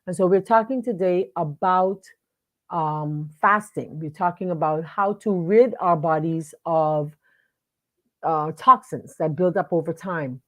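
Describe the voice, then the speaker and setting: Speaking a little slowly, a woman with a fairly low, somewhat bright voice runs a live online talk show at a computer in her home studio. Her casual delivery is full of fillers and restarts, and she welcomes viewers by name.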